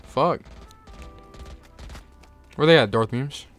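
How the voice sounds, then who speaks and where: A man casually commenting on his own gameplay, swearing often and yelling when frustrated. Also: mid-range voice, slow pace, soft background music. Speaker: streamer playing a team shooter.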